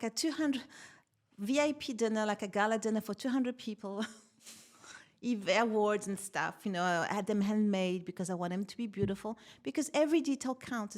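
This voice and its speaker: Lively woman telling a story. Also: mid-range voice. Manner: animated, laughs often while telling stories. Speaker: podcast guest, tech founder. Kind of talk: casual interview storytelling.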